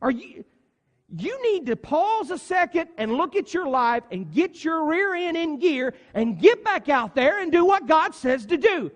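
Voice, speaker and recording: A man voicing an impatient male companion who scolds loudly and bossily. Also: very high voice, sing-song, extremely slow, pauses often, highs cut off, pitched above the performer's own voice, exaggerated voice. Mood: exasperated. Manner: loud, exasperated, bossy. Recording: long reverb of a church hall.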